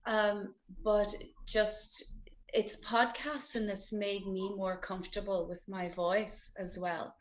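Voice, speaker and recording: A woman's voice: medium pitch, level tone, slow. A woman hosting a podcast who talks reflectively, often repeating words as she gathers her thoughts. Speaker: podcast host. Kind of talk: casual podcast conversation.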